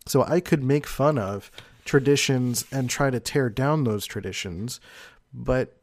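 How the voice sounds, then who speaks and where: A man explaining personality types in a casual, rambling monologue, peppered with "like" and soft laughs. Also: medium pitch, a little slow, dry recording. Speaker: personality type commentator.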